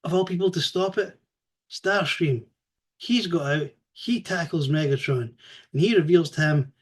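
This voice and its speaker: A man giving a casual spoken review, animated and chatty, swearing freely as he retells the story. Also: on the high side, a little slow, husky.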